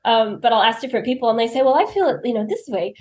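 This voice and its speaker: A woman guest on a podcast shares personal stories in a talkative way. She laughs often and acts out her own remarks. Her voice sits a little high, and the room gives it a noticeable echo. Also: expressive, rapid-fire, darkish tone. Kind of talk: personal storytelling in conversation. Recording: roomy echo.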